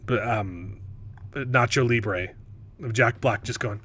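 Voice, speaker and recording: A man hosting a casual panel chat, animated and mocking, often stumbling over words and restarting. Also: medium pitch, slow pace, slightly rough. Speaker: host.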